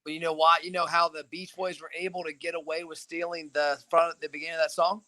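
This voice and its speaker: Bright-voiced young man teasing his dad. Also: a little high, little pitch movement, fast. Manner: teasing, playful. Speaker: host. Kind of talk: casual live-stream chat. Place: hammock on a back porch outdoors. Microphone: phone camera.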